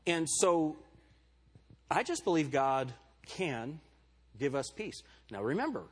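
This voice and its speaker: Husky-voiced male pastor preaching casually. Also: a little high, big pitch swings, takes it slowly. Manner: conversational, calls on congregation members by name; candid and self-deprecating. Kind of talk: sermon. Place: church service before a congregation.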